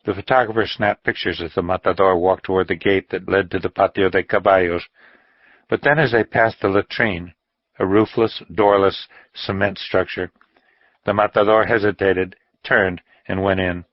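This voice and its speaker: A man narrates a novel in a measured, even storytelling voice. His voice is very deep and low. The recording is close, dry and slightly dull. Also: dry recording. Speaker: audiobook narrator. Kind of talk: audiobook narration. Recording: dull dry studio audio.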